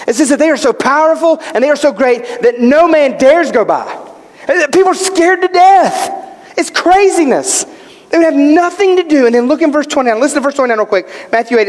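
A male pastor preaching a sermon, emphatic, posing questions and answering them himself. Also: very high voice. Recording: long hall reverb.

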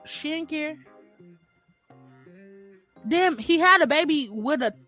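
A woman's voice: sits high, expressive, slow, bright, forceful tone, faint music behind. A woman co-hosting a casual chat podcast, telling stories bluntly and candidly with slang. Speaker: podcast co-host.

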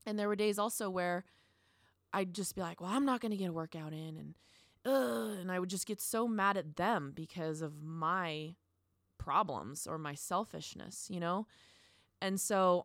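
A woman's voice: fairly low pitch, a bit bright, dry recording, clean studio sound. A woman in her thirties co-hosting a podcast, talking earnestly and encouragingly in long casual runs. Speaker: podcast co-host.

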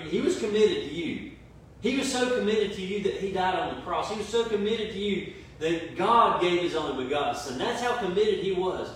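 In a church service streamed online, a male pastor delivers a sermon in a very echoey room, his slightly high voice carrying from far off the mic. He drives his points home with repetition and questions while faint room noise lingers.

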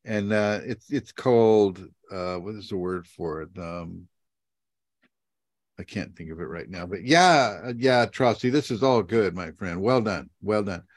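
On a video call, a lower-pitched man answers questions unhurriedly, wandering into stories full of ums and laughing at himself. His tone is informal and teacherly, and the sound is dry with no room echo whatsoever.

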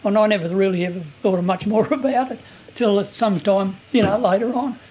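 A man's voice: high-pitched, a little fast, darkish tone. Blunt older man telling yarns. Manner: blunt, earthy, chuckling anecdotes. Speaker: local landowner recalling the dig. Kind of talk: casual storytelling interview. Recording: faint background noise.

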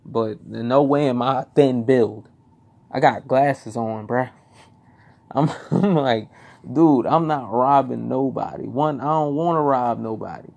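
A man's voice: mid-range voice, measured pace, vocal fry, a little mellow. A young man casually telling a personal story, swearing, rambling and repeating himself.

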